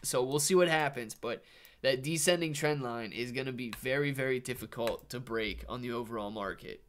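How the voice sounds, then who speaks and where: A man's voice: mid-range voice, moderate pace, fairly bright tone. A man hosting a live stock and crypto stream, talking casually to viewers and often adding "man" to his sentences. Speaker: livestream host reading chat. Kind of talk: casual live market commentary.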